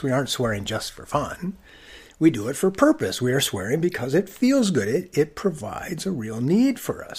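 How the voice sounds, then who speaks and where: A middle-aged man hosting a woodworking podcast, telling stories in a wry, musing way with quiet asides. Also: mid-range voice, breathy edge. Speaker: podcast host. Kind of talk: reflective storytelling monologue.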